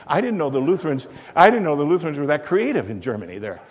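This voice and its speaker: A man's voice: a little high, sing-song, fast, hardly any pauses. An older man telling a rambling story in a sermon, full of fillers and restarts, recorded in a church. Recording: long hall reverb.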